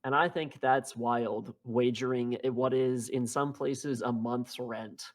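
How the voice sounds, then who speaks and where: A man in a casual podcast chat, his voice sitting at an ordinary medium pitch. He rambles along, restarting sentences and laughing between thoughts. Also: fairly even intonation, takes it slowly. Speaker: podcast co-host.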